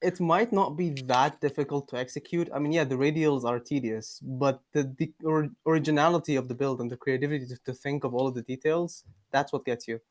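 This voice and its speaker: A man's voice: medium pitch, fairly even intonation, brisk, hardly any pauses. A man in casual stream chat, making dry, thoughtful remarks. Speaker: stream co-host.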